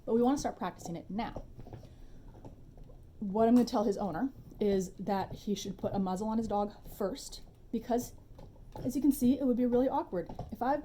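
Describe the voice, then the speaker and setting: A woman dog trainer giving a relaxed, chatty demonstration tutorial at home, with informal asides. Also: on the high side, slight background noise.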